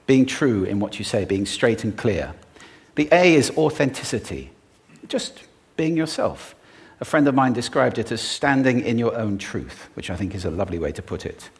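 A man giving a talk on stage to an audience, expressive and playful, demonstrating different ways of using the voice. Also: medium pitch, normal speed. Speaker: public speaker.

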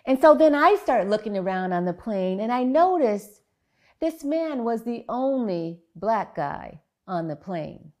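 A woman researcher giving a prepared public talk in a measured, earnest storytelling manner. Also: a little high, very animated, a little mellow.

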